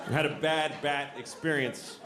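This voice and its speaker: On stage before a live crowd, this middle-aged comedian delivers an exasperated, profanity-laced rant broken up by mumbled asides. He speaks at a normal pace in a fairly high, fairly even voice, recorded in an echoey live room with audience sounds.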